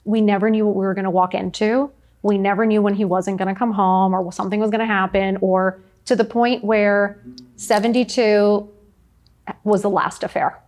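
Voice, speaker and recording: A middle-aged woman talking frankly as a podcast guest, telling her story with lively acted-out quotes. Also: medium pitch, normal speed. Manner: frank, animated storytelling, often acts out quotes. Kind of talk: candid interview conversation.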